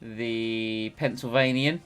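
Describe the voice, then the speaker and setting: A man with an English accent chatting casually while streaming a game, animated and quick to laugh. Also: medium pitch, clear, resonant tone, faint music behind.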